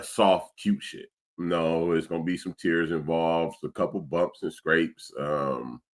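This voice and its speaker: A man hosting a casual talk stream, telling stories in a relaxed way and laughing often. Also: low voice. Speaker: podcast host. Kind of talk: casual chat.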